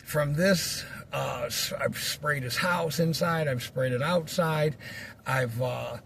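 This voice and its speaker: Gravelly, profane man ranting. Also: a little high, takes it slowly, a bit bright, slight background noise. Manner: profane, rambling storyteller. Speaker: vlogger. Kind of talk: casual ranting monologue.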